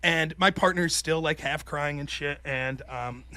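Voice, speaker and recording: A man's voice: on the high side, unhurried, bright, forceful tone, dry recording. A man in his thirties hosting a casual call-in show, telling profane stories with acted-out quotes. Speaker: host.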